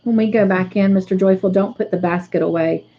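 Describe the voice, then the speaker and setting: A woman hosting a casual livestream, slowly tallying up points for viewers. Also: mid-range voice, steady tone, dull audio. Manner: slow, careful tallying of points. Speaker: livestream host.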